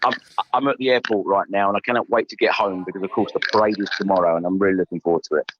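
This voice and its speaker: Croaky man, very low voice, exhilarated fan guest, muffled line. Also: steady tone, very fast, a bit bright. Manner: enthusiastic, emphatic. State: croaky voice, no sleep. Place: airport.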